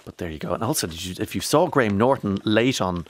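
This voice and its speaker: A man's voice: fairly low pitch, lively intonation, quick pace, no room sound. An Irish man presenting a radio show in a studio, chatting casually with rambling, playful asides. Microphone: studio microphone.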